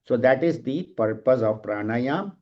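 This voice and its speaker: Calm man teaching a scripture class. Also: mid-range voice, unhurried. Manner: calm, explanatory, tells light jokes. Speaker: spiritual teacher. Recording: dull lo-fi sound.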